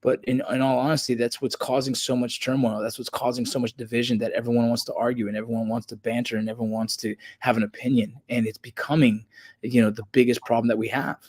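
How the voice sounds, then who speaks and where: A man's voice: medium pitch, level tone, fast, darkish tone, breathy edge, no room sound. Earnest man in casual chat, dry sound. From United States. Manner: earnest, rambling, says "bro" and "man". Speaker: podcast guest, veteran.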